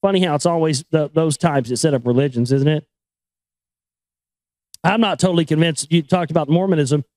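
High-voiced man reading with stumbles. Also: brisk, pauses often, a little mellow, dry recording, rough recording. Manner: stumbles over names and words, self-corrects, irreverent asides. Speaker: reader and commentator. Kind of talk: book reading with casual commentary.

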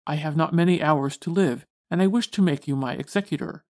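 An old, decrepit male tiger moth from a storybook, earnest and resigned, speaking in formal old-fashioned phrases, as a woman reads him aloud. His tone is courteous and steady. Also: deep voice, fairly quick, close to an everyday voice.

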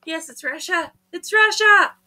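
A chatty, giggly young woman hosts a casual let's-play with a friend. Her voice is high and bright. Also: measured pace. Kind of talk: casual gameplay chat.

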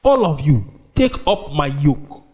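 A man preaching a sermon, leading the congregation in call-and-response and drawing out scripture phrases slowly. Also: a little high, sing-song, darkish tone. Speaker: pastor. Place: church.

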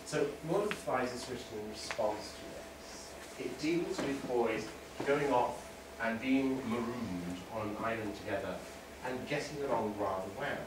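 A man's voice: medium pitch, unhurried, hardly any pauses, noisy background. A man teaching a literature lesson to a class, chatty with wry asides. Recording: echoey classroom from far off.

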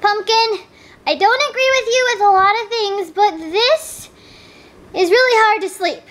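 A woman's voice: very high-pitched, unhurried, fairly bright tone, pitched above the performer's own voice. A woman voicing a nervous little kindergarten girl doll in a doll role-play, whiny and sighing.

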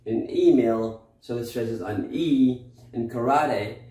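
Male teacher, slow careful explanation, echoey room. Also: mid-range voice, dark tone. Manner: slow explanatory teaching, frequent "okay?" and "right?" checks. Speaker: English teacher. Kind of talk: recorded online English lesson.

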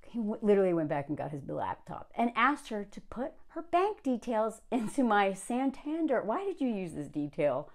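A woman's voice: mid-range voice, very animated, moderate pace, hardly any pauses. A woman giving sarcastic reaction commentary on a story she reads aloud. She gets worked up as she talks. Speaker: video commentator.

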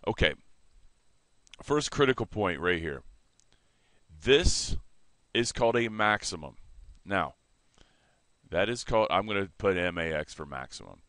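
Deep-voiced man teaching math casually. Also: unhurried, long pauses, dry recording. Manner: relaxed, self-correcting, explains while sketching. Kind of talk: informal math lesson.

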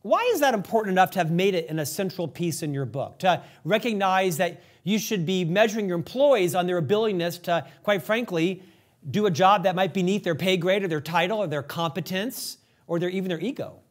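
A man hosting an interview who reads quotes aloud carefully and asks measured questions. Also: high-pitched. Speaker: host, interviewer.

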